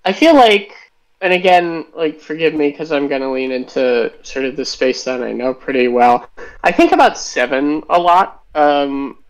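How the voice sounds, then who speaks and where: A man's voice: a little high, expressive, moderate pace, rough recording. A man answering interview questions as a game designer, enthusiastic and thinking aloud with tangents.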